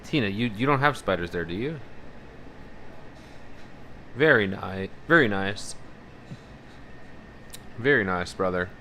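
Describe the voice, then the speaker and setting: A man's voice: on the low side, slow pace, long pauses, a little hiss or hum. A man livestreaming casually, rambling and swearing as he reads out viewer messages. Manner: rambling, profane, animated about fears. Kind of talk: casual live-stream chat, reading out viewer messages.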